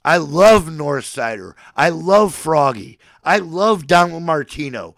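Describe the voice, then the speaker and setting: A man in his forties with a slightly high, gravelly voice, sounding dry and close. He rants to his livestream chat like a mock preacher. He is aggressive and boastful, hurling profane threats, then abruptly declares his love for his regular viewers. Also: lively intonation, takes it slowly, hardly any pauses, a bit bright, dry recording. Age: 40s. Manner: swings between threats and affection. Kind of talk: mock-sermon rant to a live chat.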